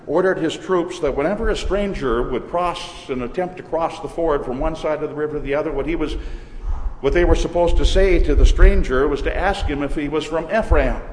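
A man from Minnesota with a Minnesotan accent, preaching a sermon as pastor in a measured, deliberate way. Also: fairly high pitch, slight background noise. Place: church. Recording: reverberant church hall.

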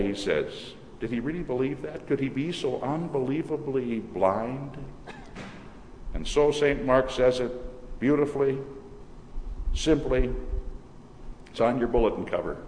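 In a church sanctuary, a male pastor preaches a sermon, telling the story dramatically with shifting emphasis. His medium-pitched voice is expressive and a little mellow, paced with measure and long pauses. The recording has the echo of a church hall and faint noise.

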